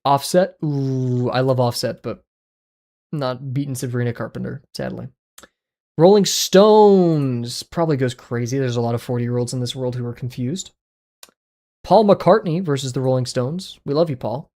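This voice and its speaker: Male streamer at a desk mic, casual running chat, mid-pitched, quick yelps and muttered asides. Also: dark tone. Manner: chatty, reacting aloud with sudden yelps and mumbled asides. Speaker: art livestreamer. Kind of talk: casual livestream chat playing daily web games.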